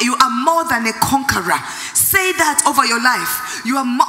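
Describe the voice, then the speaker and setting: Woman pastor praying and preaching loud, bright and forceful, big echoey church with music under. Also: fairly high pitch, animated, moderate pace. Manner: fervent, repeats declarations with the congregation; speaks in tongues between lines. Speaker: pastor leading worship. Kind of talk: church service prayer and declarations. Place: large church hall.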